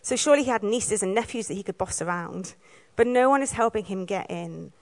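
A woman from Wales giving a sermon, telling the story in a lively way and acting out the lines she quotes. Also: medium pitch, brisk. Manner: lively storytelling, acts out quoted lines, laughs now and then. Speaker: preacher.

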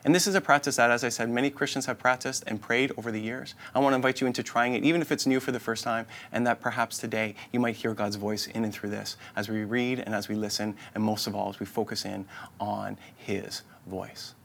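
A man preaching as a pastor, earnest and inviting, often repeating himself for emphasis, and dropping to a soft voice to lead a prayer. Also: steady tone, a little fast, creaky. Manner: earnest, repetitive, inviting phrasing; drops to a soft, low voice in prayer. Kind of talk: sermon.

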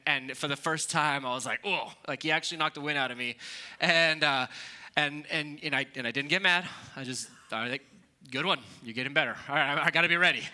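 A man, preaching a sermon in a conversational, animated storytelling way. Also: on the high side, clean tone. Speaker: pastor.

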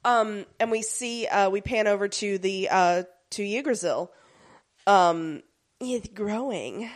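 A woman's voice: medium pitch, lively intonation, slow pace. A woman in casual conversation, animatedly recapping a TV episode and slipping into characters' voices. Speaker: podcast co-host recapping a TV episode. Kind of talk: casual chat.

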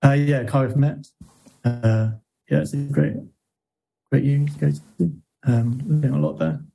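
A man's voice: medium pitch, lively intonation, moderate pace, creaky, warm tone, faint music behind, rough recording. A Welsh man talking as a podcast guest in a casual interview, hesitant, with lots of fillers.

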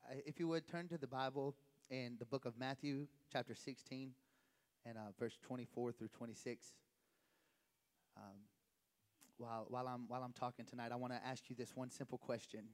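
A man starting a sermon in church with a measured, quiet delivery. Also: medium pitch, steady tone. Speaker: preacher. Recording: reverberant hall.

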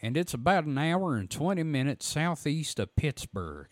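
A hoarse man voicing a drawling Southern male storyteller who recalls a boyhood camp, reading the account aloud in a put-on Southern accent. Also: fairly high pitch, very animated, moderate pace, no room sound, voice pushed up. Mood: storytelling. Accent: American Southern. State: hoarse throat.

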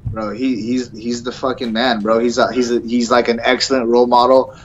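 A man's voice: medium pitch, flat delivery, fairly quick, slight background noise. A young man, a fighter guest on a podcast, talking eagerly and rambling, with "bro" and "man" at every turn. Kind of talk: casual interview chat. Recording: dull lo-fi sound.

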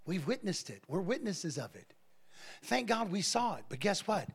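A middle-aged man preaching a sermon as pastor, animated, acting out conversations from his stories. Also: high-pitched, normal speed, creaky, breathy edge.

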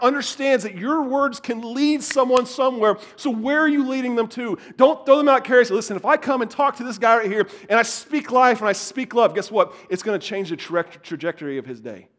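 A young adult man with a high voice preaches an animated sermon as pastor. He repeats words and swings from loud bursts to hushed asides.

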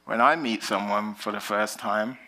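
A British man preaching a sermon, telling stories with animated emphasis and dropping to quiet lines. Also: fairly low pitch, moderate pace. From Britain. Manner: animated storytelling, rising to emphatic lines then dropping soft.

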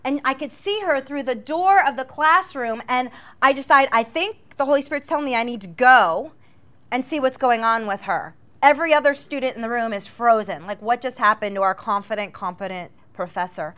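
A woman's voice: on the high side, fairly quick. Earnest woman telling a faith story. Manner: earnest, drops to a hushed voice at tense moments. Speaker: missionary telling her testimony. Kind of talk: dramatic personal storytelling.

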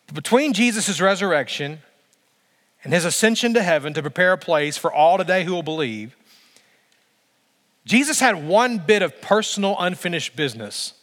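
A man preaching a sermon as pastor, emphatic, building through repeated phrases with slow dramatic pauses. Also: fairly high pitch, a bit bright. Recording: long reverb of a large hall.

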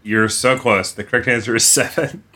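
Bright-voiced man reading quiz questions. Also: medium pitch, steady tone, normal speed. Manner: laughs often, teasing. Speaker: podcast co-host, quizmaster. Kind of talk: casual quiz chat.

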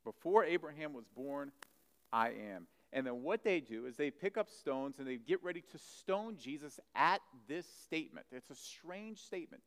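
A man preaching a sermon, animated, swinging from loud emphasis to soft asides. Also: fairly high pitch, normal speed, hardly any pauses. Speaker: pastor. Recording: long hall reverb.

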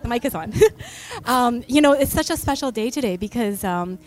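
Woman pastor in her 30s, fairly high voice, chatty sermon on a church mic. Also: animated, moderate pace, soft background music. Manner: chatty storytelling with many fillers. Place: church stage. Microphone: stage microphone.

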